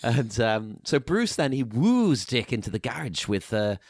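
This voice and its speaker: A man's voice: mid-range voice, sing-song, a little slow, no echo, clean studio sound. An English man chatting about films as a podcast guest, enthusiastic and self-amused. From England. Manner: enthusiastic, laughs at himself. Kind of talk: casual film chat.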